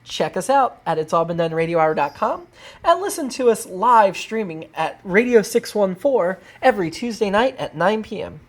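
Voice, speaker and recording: A woman's voice: medium pitch, very animated, moderate pace. A woman announcing the cast and credits of a radio comedy show.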